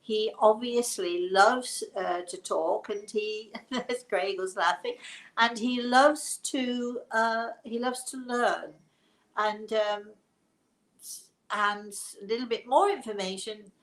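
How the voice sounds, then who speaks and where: A woman's voice: mid-range voice, slow, poor audio. A woman hosting a live stream as a psychic medium, chatting casually and rambling with frequent laughs and restarts. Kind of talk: casual live webinar chat.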